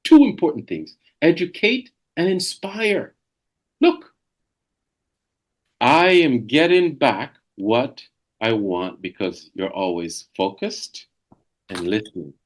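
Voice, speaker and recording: Animated middle-aged man coaching. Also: mid-range voice, slow, long pauses. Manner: emphatic, animated, repeats key phrases. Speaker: sales coach. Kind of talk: energetic coaching webinar. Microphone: video call.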